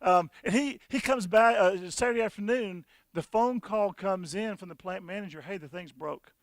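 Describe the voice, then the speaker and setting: A man presenting at a conference and demoing software, telling folksy stories with frequent restarts. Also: high-pitched, moderate pace, no echo. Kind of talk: conference talk with software demo.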